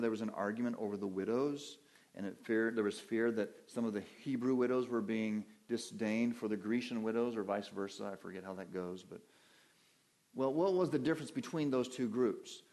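Lower-voiced man preaching a conversational sermon. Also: a little mellow. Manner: conversational teaching, asks listeners questions and answers them. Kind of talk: evening Bible-teaching sermon.

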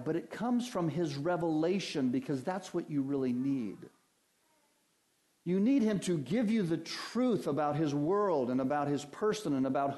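A male pastor delivering a sermon, his voice mellow and somewhat high for a man. He speaks slowly and deliberately, swelling with emphasis and then dropping soft on key words. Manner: preaching with swells of emphasis and slow drawn-out phrases.

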